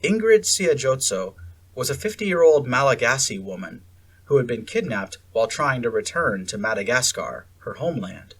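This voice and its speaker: A man narrating a story aloud in a steady, measured storytelling voice. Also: mid-range voice, breathy edge, far from the mic.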